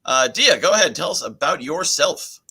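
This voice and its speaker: A man's voice: on the high side, big pitch swings, moderate pace, bright, forceful tone, slightly rough. A man with a Northeastern American accent, hosting a podcast over a video call in a joking, upbeat way. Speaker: podcast host.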